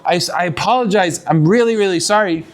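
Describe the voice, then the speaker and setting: A man's voice: high-pitched, fast, natural voice. A man playing an eager, polite young yeshiva student who keeps apologizing, inside a spoken story. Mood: earnest.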